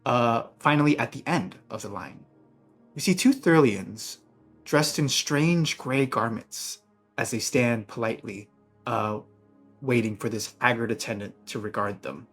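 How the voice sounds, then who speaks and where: Game master guy narrating a sci-fi scene, soft music under him. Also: mid-range voice, a little slow. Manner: cinematic scene-setting with fillers.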